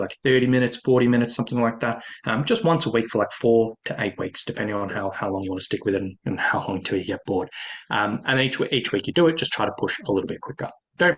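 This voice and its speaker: Fast-talking casual male fitness coach. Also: medium pitch. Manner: quick, casual and repetitive, stacking "really, really" and "essentially". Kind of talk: explaining a training method to hikers.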